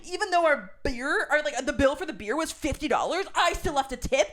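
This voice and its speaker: Frantic male restaurant owner, pleading and high-strung, as a woman puts him on in a story. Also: lively intonation, a little fast, a bit bright. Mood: pushy. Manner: pleading, rambling, rising to frantic.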